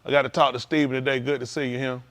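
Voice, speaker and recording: Speaking very fast in a mid-range voice, a male livestream host at a congregation chats and jokes. His storytelling is animated, full of laughter and voices he acts out for the quotes.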